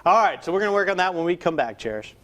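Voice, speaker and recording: A man's voice: high voice, lively intonation, very fast, over loud music. A man hosting a morning TV show, chatting with a guest chef in the studio.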